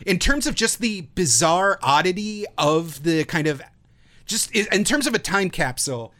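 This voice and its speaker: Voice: mid-range voice, animated, normal speed, fairly bright tone. A podcast co-host chatting casually, wry and mocking in the asides. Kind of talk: casual chat.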